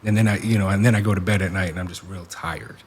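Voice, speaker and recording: A man in his forties from the Seattle area, a podcast guest talking in a reflective, soft-spoken way with many fillers. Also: low-pitched, fairly even intonation, fast, breathy edge. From Seattle area, USA. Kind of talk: casual podcast conversation.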